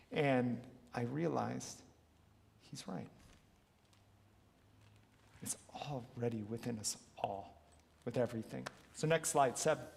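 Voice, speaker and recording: A man leading a wellness workshop and telling coaching stories in an earnest, animated way. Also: medium pitch, vocal fry. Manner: earnest, animated storyteller who acts out quotes. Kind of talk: motivational storytelling talk. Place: large hall, live talk. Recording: long reverb of a hall.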